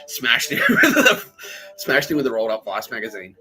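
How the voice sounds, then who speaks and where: Aussie bloke hosting a podcast, bright and lively, profane rambling storyteller. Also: male voice, on the low side, a little fast, faint music behind, poor audio. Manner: rambling, profane, laughs mid-sentence. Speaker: podcast host. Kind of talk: casual storytelling monologue.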